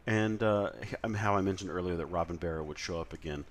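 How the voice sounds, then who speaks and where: Low-voiced man giving a casual lecture. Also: fast talker. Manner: conversational, with frequent fillers and self-corrections. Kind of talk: recorded lecture.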